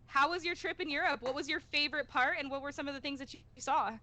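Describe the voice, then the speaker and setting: A woman's voice: high voice, fast talker, bright, forceful tone. A woman hosting a podcast, welcoming a guest and asking conversational questions. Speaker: podcast host.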